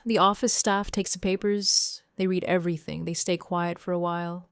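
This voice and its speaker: A woman's voice: on the low side, steady tone, normal speed, dry recording, clean studio sound. A woman narrating a graded-reader story for English learners in short, simple, evenly read sentences. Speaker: audiobook narrator.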